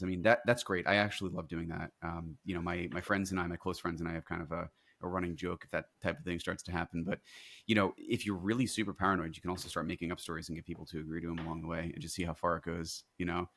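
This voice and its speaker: A middle-aged man, a guest on a podcast, telling stories in a lively, casual way and laughing often. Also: sits low, quick pace. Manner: animated storyteller, laughs often. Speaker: guest, company CEO.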